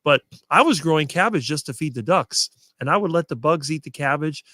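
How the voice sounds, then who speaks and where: A middle-aged man talking casually as a guest and answering quickly with almost no fillers. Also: on the high side, animated, pushed and bright, dry recording. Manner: fluent and quick, few fillers. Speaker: guest on a diet talk show. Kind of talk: casual conversation on a live stream.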